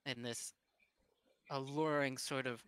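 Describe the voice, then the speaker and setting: A man narrating as game master in a tabletop game, halting and full of fillers and restarts. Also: mid-range voice, fairly even intonation, fairly bright tone, smooth.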